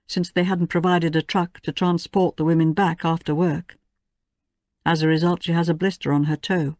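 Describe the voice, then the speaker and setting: Reading scripted first-person narration for an audiobook, this low-voiced woman keeps a steady, measured storytelling pace. There's no room sound, and the audio is studio quality.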